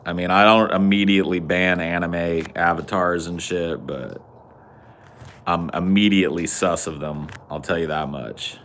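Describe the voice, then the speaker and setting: A man's voice: low-pitched, fairly even intonation, normal speed, a bit bright, a little hiss or hum. A man hosting a podcast in casual chat, joking, swearing a lot and laughing often. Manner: profane, jokey, laughs often. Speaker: podcast host.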